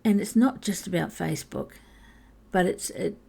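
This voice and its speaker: A woman hosting her own podcast, talking candidly and haltingly about her life, with frequent restarts, becoming emotional near tears. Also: fairly low pitch, creaky, mellow, breathy edge. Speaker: podcast host. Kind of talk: personal podcast monologue.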